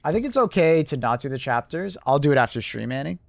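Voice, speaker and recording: A young man live-streaming and chatting casually with viewers, rambling with lots of fillers and quick laughs. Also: fairly high pitch, big pitch swings, gravelly, no echo.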